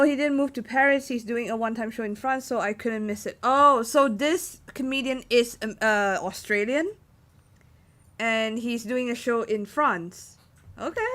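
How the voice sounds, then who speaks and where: A woman's voice: a little high, a bit bright. A woman composer chatting casually with her livestream viewers, rambling with many fillers as she answers chat.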